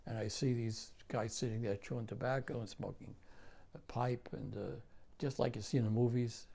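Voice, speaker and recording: An older man with a New York accent, a war veteran recounting memories in an interview, halting and repeating himself. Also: mid-range voice, steady tone, creaky, warm tone. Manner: halting, repeats phrases, many fillers.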